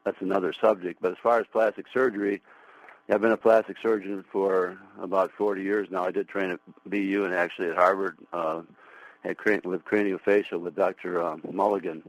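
Deep-voiced older man rambling on radio. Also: little pitch movement, brisk, low-quality recording. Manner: rambling, with restarts and fillers. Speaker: caller, plastic surgeon. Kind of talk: call-in radio chat.

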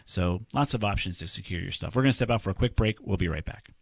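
A man hosting a call-in tech radio show, giving quick, plainspoken, jokey practical advice to callers. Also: fairly low pitch, gravelly, noisy background. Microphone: studio microphone.

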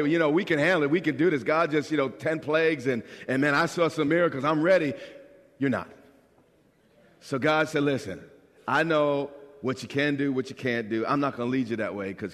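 A man preaching a sermon as pastor, asking the congregation questions and acting out the voices he quotes. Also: fairly high pitch. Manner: animated, acts out quoted voices. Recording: long hall reverb.

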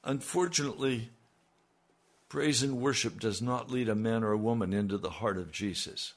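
A man's voice: medium pitch, moderate pace. A man preaching a sermon, asking his listeners pointed rhetorical questions and building to emphatic peaks.

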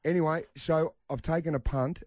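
A man's voice: fairly high pitch, normal speed, no echo, clean studio sound. An Australian man hosting a radio show, telling a personal story with energy and acting out the voices of the people in it. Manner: animated, acts out the voices in his story.

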